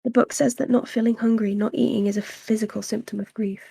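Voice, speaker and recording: Woman, young, reading a novel aloud to a stream, gravelly low edge, dry close desk mic. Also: flat delivery, dry recording. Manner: soft, unhurried narration with chatty asides to chat and her cat. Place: small room at home. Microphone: desk microphone.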